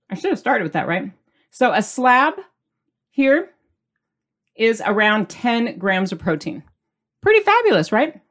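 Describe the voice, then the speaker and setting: Bubbly middle-aged lady chatting through a cooking demo, tasting as she talks. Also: mid-range voice. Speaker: cooking channel host.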